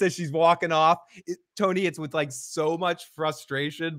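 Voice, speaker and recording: A man on an after show, talking through a scene with lively energy and voicing the characters' lines as he goes. His voice sits a bit high for a man. The sound is close and dry, with little room around it. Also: a little fast, few pauses, no echo. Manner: animated, acts out characters' lines, many restarts. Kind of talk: casual recap chat.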